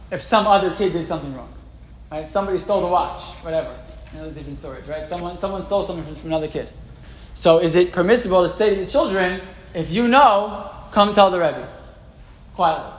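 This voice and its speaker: A man's voice: sits high, rough recording. A man giving a live Torah class in a classroom, chatting with the audience, quizzing them and reading old texts aloud before translating them. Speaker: Torah teacher.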